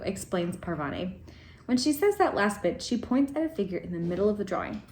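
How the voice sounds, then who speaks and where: A very animated woman with a darkish mid-range voice and a moderate pace rambles about her book, laughing and saying um along the way. She's a book vlogger filming at home, where the room echoes and cats and running laundry make faint noise.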